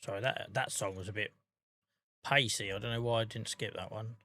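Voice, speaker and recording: A man's voice: lowish voice, fairly even intonation, fairly quick, bright, forceful tone. A man with a Norfolk accent casually chatting through a farming game stream, chatty and self-deprecating, muttering to himself as he plays. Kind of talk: casual gameplay commentary. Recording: faint music in the background.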